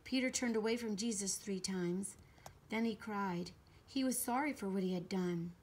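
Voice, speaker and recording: A woman reading aloud, voicing a kind grown man who talks gently and tenderly to children in a storybook. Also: medium pitch, moderate pace, a little hiss or hum, close to an everyday voice. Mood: gentle.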